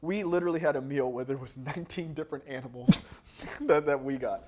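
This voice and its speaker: A man's voice: medium pitch, a little fast, a little mellow, a little hiss or hum. A man co-hosting a casual movie-review podcast, rambling through tangents, laughing often and acting out other people's lines. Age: adult. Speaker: podcast co-host.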